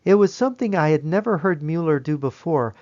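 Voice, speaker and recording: A man delivers a lecture-style presentation in a fairly high voice. His telling is measured and emphatic. The recording sounds dull and lo-fi. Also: lively intonation, a little mellow.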